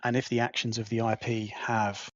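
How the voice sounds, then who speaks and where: A man's voice: lowish voice, little pitch movement, moderate pace, dry recording. A man on a podcast, explaining his points methodically, recorded on a slightly dull, dry mic. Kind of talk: casual professional discussion.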